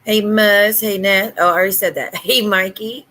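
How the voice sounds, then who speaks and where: A woman hosting a casual livestream at home, talking bluntly and sassily with quick retorts to her viewers. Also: mid-range voice, steady tone, sharp tone. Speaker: livestream host.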